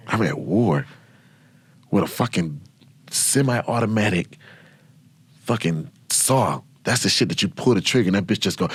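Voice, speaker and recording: A man in his thirties hosting a podcast, telling stories in a brash, profane, animated way. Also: low-pitched, measured pace, long pauses, husky, dry recording. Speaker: podcast host. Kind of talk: casual storytelling.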